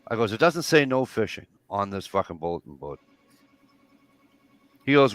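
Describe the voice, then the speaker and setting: A man's voice: lowish voice, very animated, normal speed, long pauses, fairly bright tone, dry recording. A man telling a story in casual chat, profane and acting out both sides of an argument. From Massachusetts. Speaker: guest in group chat.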